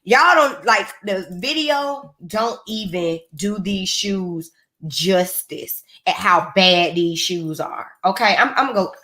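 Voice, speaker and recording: A woman's voice: mid-range voice, animated, slow pace, bright, forceful tone. A woman hosting her own live stream, chatting casually and playfully with her viewers.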